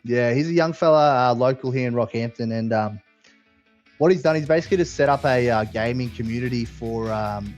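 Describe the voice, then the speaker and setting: A man's voice: mid-range voice, a little fast, darkish tone, lo-fi sound, soft background music. Man, racing champion, easygoing, hesitant. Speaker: guest champion.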